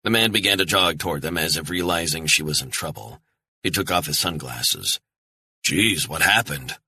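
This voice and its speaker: A man narrating a thriller audiobook in a tense, measured way. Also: extremely low pitch, bright, forceful tone, breathy edge, dry recording.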